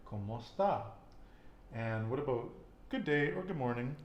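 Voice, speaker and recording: A man runs a relaxed Spanish lesson and keeps asking his student questions to check what she knows. His voice bounces around a reverberant room. There is a light hiss of background noise. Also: medium pitch, normal speed. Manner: patient, quizzing with questions. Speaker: Spanish teacher. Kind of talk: casual language lesson.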